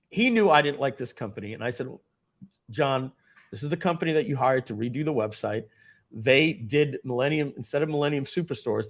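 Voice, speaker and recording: A man in his forties telling a casual story from his working life, acting out the voices of the people in it. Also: medium pitch. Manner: animated storytelling, acts out quoted voices. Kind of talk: casual anecdote.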